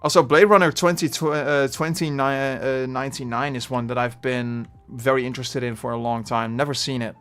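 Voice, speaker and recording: A man with a Dutch accent chatting through a live game stream, rambling and getting loudly frustrated at times. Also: mid-range voice, steady tone, fairly quick, hardly any pauses, clean tone, faint music behind. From Netherlands. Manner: chatty, bursts of frustration, trailing off.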